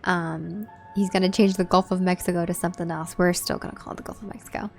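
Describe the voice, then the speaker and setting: A woman's voice: lowish voice, fairly even intonation, fast, creaky, soft background music. A young woman, hosting a livestream and chatting casually with her viewers in a laid-back way. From Southern California. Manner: chatty, laid-back, reads and answers chat. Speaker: livestream host.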